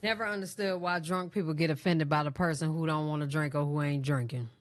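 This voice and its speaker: A woman's voice: low-pitched, fairly even intonation, brisk. A woman hosting a reaction video, tossing sassy, blunt asides to her viewers. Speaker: reaction channel host. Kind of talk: casual reaction commentary.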